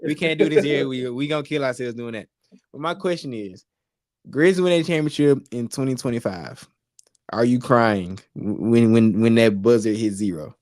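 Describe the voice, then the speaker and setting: A young man from Memphis with a Memphis Southern accent, co-hosting a podcast in excitable, slangy casual chat. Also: mid-range voice, normal speed, no room sound, clean studio sound. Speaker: podcast co-host.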